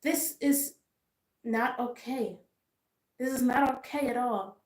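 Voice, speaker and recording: Brief: woman vlogger with a somewhat high voice, venting with frustrated emphasis; roomy, echoey recording. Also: takes it slowly, a little mellow. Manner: frustrated, emphatic, repetitive ranting. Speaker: K-pop vlogger. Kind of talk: casual ranting commentary. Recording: roomy echo.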